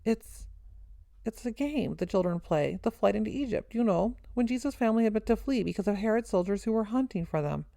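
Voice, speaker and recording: A woman's voice: mid-range voice, animated, creaky, dark tone, no echo, clean studio sound, pitched above the performer's own voice. A woman reading aloud, voicing a flustered nun who explains in a hurry. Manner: hurried, flustered. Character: flustered nun, adult woman, quick-witted.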